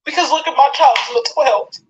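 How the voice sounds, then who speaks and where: A woman's voice: high voice, fairly quick, a little hiss or hum. A mother speaking out in blunt, profane, confrontational direct address. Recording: dull lo-fi sound.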